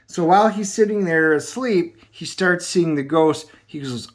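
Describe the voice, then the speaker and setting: A man chats through a comic book's plot, rambling and filling gaps with ums. His voice sits a little high for a man and moves at an easy, casual pace. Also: moderate pace, few pauses. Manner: rambling, with many filler ums. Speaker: comic book reviewer. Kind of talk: casual review recap.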